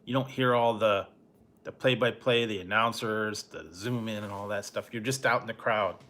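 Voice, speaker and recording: A middle-aged man hosting a late-night live stream, telling a rambling, laid-back story with soft chuckles and answering chat. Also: on the low side, fairly even intonation, moderate pace. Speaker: food review channel host.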